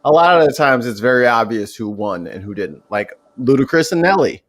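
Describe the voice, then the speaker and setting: A man's voice: mid-range voice, lively intonation, fairly quick. A man co-hosting a casual live-stream chat, telling stories in a slangy, laid-back way. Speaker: co-host.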